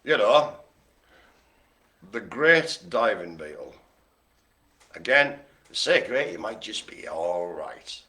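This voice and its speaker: A man's voice: lowish voice, very animated, takes it slowly, long pauses, sharp tone. A man hosting a live online bingo game, rambling and joking as he stumbles over hard names. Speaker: bingo host.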